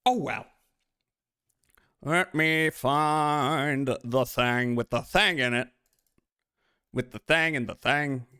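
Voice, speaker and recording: A man with a bright, forceful voice and a middling pitch rambles casually through a live game stream. He talks to his chat as he plays and swears freely. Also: slow pace, long pauses, clean tone. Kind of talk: casual live-stream chatter while gaming.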